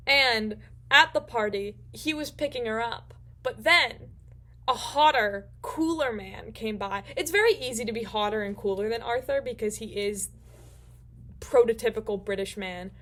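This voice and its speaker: A woman hosting a casual book recap, rambling and excitable and swearing freely. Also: on the high side. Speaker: host.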